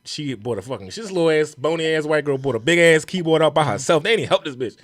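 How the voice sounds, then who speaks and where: Fast, animated Baltimore man telling stories. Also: fairly high pitch, noisy background. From Baltimore, USA. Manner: profane, animated storytelling with acted-out quotes. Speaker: comedian guest. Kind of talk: casual podcast storytelling.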